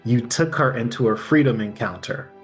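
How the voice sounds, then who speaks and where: A man's voice: medium pitch, moderate pace, faint music behind. A man hosting the talk, briefly affirming the guest and explaining his ministry's teaching. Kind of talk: conversational interview.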